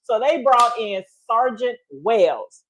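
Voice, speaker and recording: A middle-aged woman telling stories in a casual chat, animated, often laughing and acting out quotes. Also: a little high, slow, a little hiss or hum. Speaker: guest storyteller.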